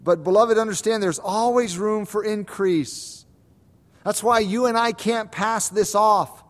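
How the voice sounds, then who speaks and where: A pastor preaching a sermon, swinging between soft lines and emphatic, repeated calls. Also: male voice, sits high, measured pace. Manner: repeats words for stress.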